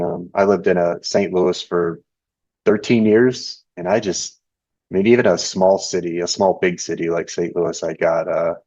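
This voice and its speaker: A young man with a very low voice hosts a live trading stream from home. He talks loosely and rambles as he reads viewer chat and walks through charts. The sound is dull and dry, like lo-fi stream audio. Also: dry recording. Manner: relaxed and rambling, reading chat and charts aloud. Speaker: live trading show host. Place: home indoors.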